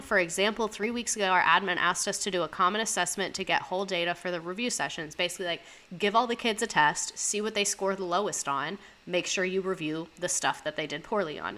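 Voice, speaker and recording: Chatty woman with a bright voice. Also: medium pitch. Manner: chatty, rambling asides. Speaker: host reading submitted stories. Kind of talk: casual commentary on reader stories.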